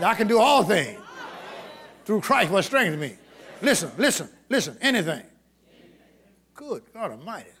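Shouting, gravelly high-voiced preacher. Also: male voice. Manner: shouting, call-and-response, repeating words. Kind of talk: sermon. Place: church with congregation.

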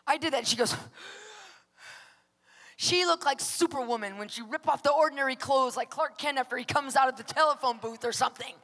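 A woman preaching, telling a story with lively acted-out dialogue that swings from whispers to shouts. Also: high-pitched, brisk, in a large hall. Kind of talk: sermon storytelling.

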